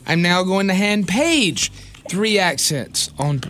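A man's voice: sits high, animated, slow pace, a bit bright, slight background noise. A man hosting a morning radio show, folksy and joking while he explains a phone-in game. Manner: folksy, jokey, explains rules patiently.

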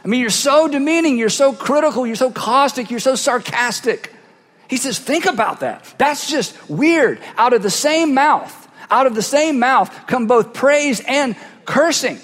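A pastor delivering a sermon through a cheek-worn headset mic, swinging from loud bursts to hushed asides as he acts out voices. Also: extremely high pitch, lively intonation, a little slow, long reverb tail. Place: large church hall.

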